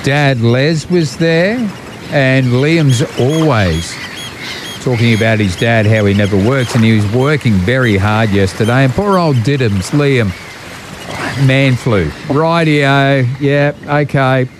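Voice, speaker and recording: A man's voice: mid-range voice, slow pace, noisy background. Jokey Australian radio host, man. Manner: jokey, teasing, laughs often. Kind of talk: casual radio chat.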